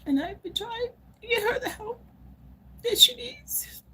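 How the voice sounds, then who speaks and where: A woman's voice: very high-pitched, unhurried, pitched above the performer's own voice, full character voice. A woman putting on a wailing, overwrought parent. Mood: wailing despair. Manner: melodramatic sobbing and shouting.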